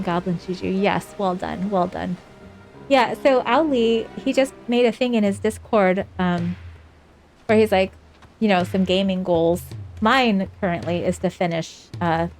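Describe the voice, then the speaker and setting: A woman's voice: on the low side, moderate pace, darkish tone, soft background music. Chatty, swearing woman streamer. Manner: chatty, sarcastic, swears a lot. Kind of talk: casual live game stream chat.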